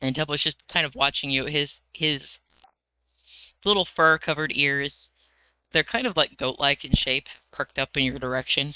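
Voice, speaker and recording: A man's voice: a little high, steady tone, moderate pace, clear, resonant tone, dry recording. A man narrating a tabletop game as its dungeon master in a loose, playful way with many fillers, on slightly dull lo-fi audio.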